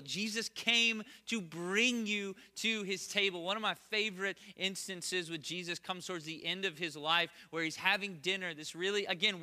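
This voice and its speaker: A man's voice: high-pitched, sharp tone. A man in his thirties preaching an earnest sermon, repeating key lines with rising emphasis. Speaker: pastor.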